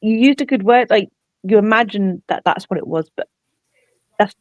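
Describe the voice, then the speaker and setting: A woman's voice: medium pitch, normal speed, dry recording. An English woman speaking as a medium and guest in a casual chat, patiently explaining her ideas in an earnest way. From England. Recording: dull lo-fi line, dry.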